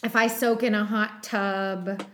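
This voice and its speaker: A woman's voice: medium pitch, flat delivery, unhurried, a bit bright, a little hiss or hum. A woman in her thirties co-hosting a podcast, chatting casually and rambling with lots of likes and ums. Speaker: podcast co-host. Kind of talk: casual chat about a TV episode.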